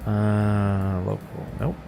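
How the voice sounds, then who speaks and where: A man's voice: on the low side, monotone, drawn-out words, gravelly, music in the background. A man chatting casually on a flight sim live stream, self-deprecating and reading chat aloud, over a headset mic.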